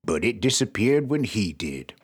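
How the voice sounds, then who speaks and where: A game reader putting on a low, slow, grave voice for an old grandfather speaking from his deathbed. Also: very animated, husky. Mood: solemn.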